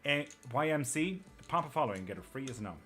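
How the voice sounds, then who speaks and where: A man's voice: medium pitch, animated, fast talker, fairly bright tone. A man with an Irish-sounding accent and a slight twang, hosting a live tarot stream in casual chat, blunt and swearing freely as he answers viewers.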